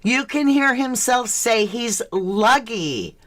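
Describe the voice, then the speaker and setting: A woman's voice: on the high side, lively intonation, slow pace, a bit bright. A woman from the States, hosting a casual true crime livestream, chatty and questioning as she greets viewers. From southern United States.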